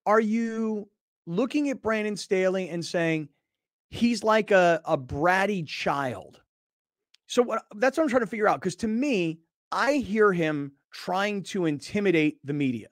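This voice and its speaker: A man's voice: high-pitched, expressive, measured pace, no room sound, clean studio sound. A man hosting a sports talk show, talking emphatically and with sarcasm.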